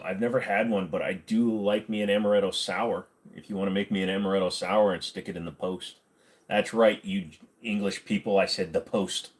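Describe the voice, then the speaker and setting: A man with a fairly low voice hosts a casual livestream. He reads viewer comments aloud and answers them bluntly and sarcastically, swearing freely as he goes. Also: steady tone, moderate pace. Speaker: livestream host.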